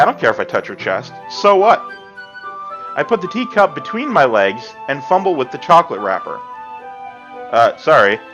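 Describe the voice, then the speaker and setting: A man playing a visual novel, reading its lines aloud and adding sarcastic, quick reactions with some swearing. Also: a little high, a bit bright, lo-fi sound. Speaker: let's play gamer.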